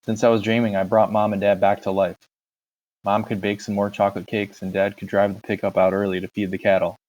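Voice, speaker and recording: A man reading a novel aloud in a plain, steady first-person narration, on a dull lo-fi recording. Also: on the low side, a little fast. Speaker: audiobook reader.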